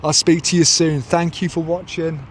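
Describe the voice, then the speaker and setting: A man's voice: a little high, little pitch movement, normal speed, a little hiss or hum. Rambling man vlogging from his van. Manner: rambling, chatty, self-correcting. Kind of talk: casual vlog chat. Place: outdoors, then inside a parked van.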